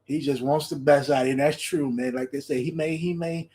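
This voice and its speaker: A man hosting a podcast, chatting casually in an animated way, laughing often and repeating his phrases. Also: on the high side, brisk. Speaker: podcast host. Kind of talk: casual solo commentary.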